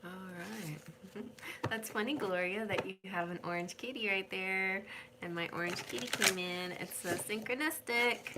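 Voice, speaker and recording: During a live stream from her home, a middle-aged tarot reader rambles chattily through a reading, singing out names and addressing her cat. Her voice is mid-range, with background noise present.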